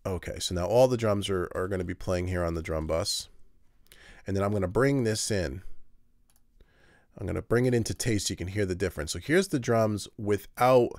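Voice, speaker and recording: A man's voice: low voice, moderate pace, darkish tone, no room sound. A man hosting a home-studio tutorial, explaining his mixing steps casually with fillers and restarts. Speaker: mix engineer tutorial host. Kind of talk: screen-recorded software tutorial.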